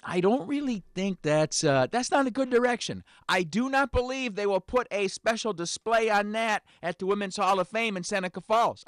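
A man's voice: on the high side, a bit bright, dry recording, studio quality. Sarcastic, rambling male radio host. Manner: sarcastic, mocking, rambling with many fillers. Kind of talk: opinionated radio monologue. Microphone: studio mic with headphones.

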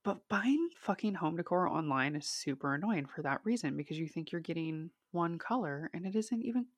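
A woman's voice: low-pitched, animated, normal speed, no echo. A young woman co-hosting a casual chat over a video call, wry and laughing, with frequent swearing.

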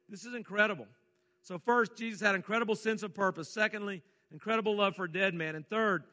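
Folksy preacher in an echoey hall. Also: male voice, sits high. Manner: folksy, reads scripture then swings between soft asides and loud emphatic calls. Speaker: pastor. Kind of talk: sermon.

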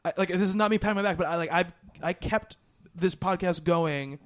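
A man's voice: sits high, a little fast. A man hosting a podcast in casual chat, rambling with many restarts and fillers. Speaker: podcast host.

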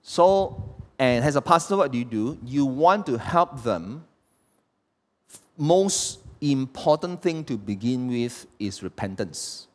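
A man's voice: medium pitch, lively intonation, takes it slowly. A man, preaching a sermon as pastor and throwing rhetorical questions at the congregation. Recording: long hall reverb.

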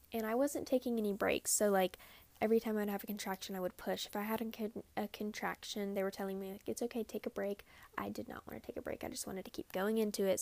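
A woman's voice: medium pitch, gravelly. A young woman telling her birth story in a chatty, casual way, full of "like" and acted-out quotes. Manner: chatty, lots of "like", acts out quoted lines.

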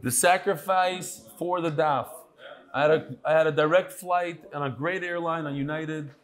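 A man's voice: fairly high pitch, fairly even intonation, normal speed. A man hosting a casual live stream, greeting viewers by name and teasing them. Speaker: host of a live online talk.

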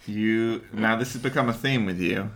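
A man's voice: lowish voice, normal speed, fairly bright tone. A man co-hosting a casual movie review podcast, teasing his co-host and keeping time.

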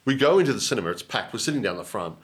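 Australian male guest, low husky voice, earnest and animated storyteller who repeats himself. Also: rapid-fire. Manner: earnest and animated, repeats words, many restarts. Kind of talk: emotional personal storytelling.

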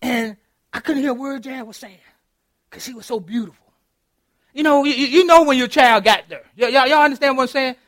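High-voiced, animated preacher man. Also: a little fast, no echo, clean studio sound. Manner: animated, laughing, calls out to the congregation. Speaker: pastor. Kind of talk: interactive sermon. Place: church.

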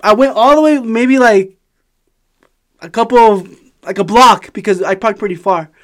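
A man, casually telling an animated, profanity-laden story on a podcast and laughing as he goes. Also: high-pitched, moderate pace. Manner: animated, swears a lot, laughs while telling. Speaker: podcast host.

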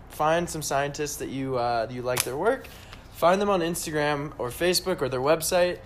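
Young man, casual career-advice chat, encouraging, filler-heavy, slightly high voice. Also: a little hiss or hum. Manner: encouraging, upbeat, many fillers. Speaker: visiting speaker giving career advice.

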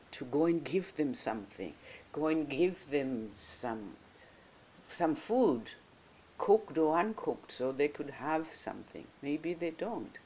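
A self-help speaker giving a reflective motivational monologue, thoughtful and speaking in short phrases with frequent pauses and restarts. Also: medium pitch, a little mellow, slight background noise. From grew up in a village in another culture.

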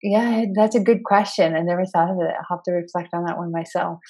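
A woman's voice: on the low side, a little fast, darkish tone. A woman hosting a podcast interview, chatty and enthusiastic in a casual conversational way. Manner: chatty and enthusiastic, with many fillers like "like". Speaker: podcast host.

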